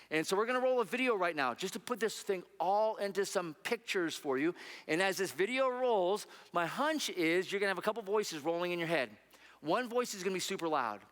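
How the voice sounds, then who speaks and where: Speaking from a church stage with the long reverb of a church hall around him, a man with a fairly high, fairly bright voice encourages the congregation to sign up. He represents a charity running team and sounds upbeat and conversational.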